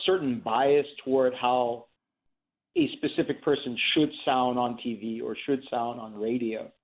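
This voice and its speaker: A man from the Philadelphia area, a journalism professor appearing as an interview guest, explaining earnestly and asking rhetorical questions. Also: medium pitch. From Philadelphia area, USA. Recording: tinny phone-like line.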